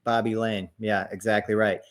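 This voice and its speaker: A man co-hosting a podcast, recounting sports history in casual chat and often pausing with "uh". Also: fairly low pitch, flat delivery. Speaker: podcast co-host.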